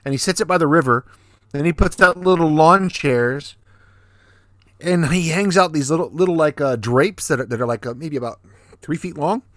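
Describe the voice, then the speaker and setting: A man with a fairly high voice tells laid-back stories on a casual podcast, swearing freely and rambling. The sound is close and dry with no room echo. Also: moderate pace, fairly bright tone. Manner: laid-back storyteller, profane. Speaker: podcast co-host. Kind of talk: casual chat. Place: Fukuoka, Japan.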